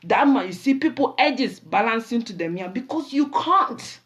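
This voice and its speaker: A middle-aged woman with a Ghanaian accent, hosting a talk show and lecturing her listeners in a lively, preachy way, dropping Pidgin and Twi phrases. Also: on the high side, normal speed. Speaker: show host. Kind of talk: casual talk show monologue.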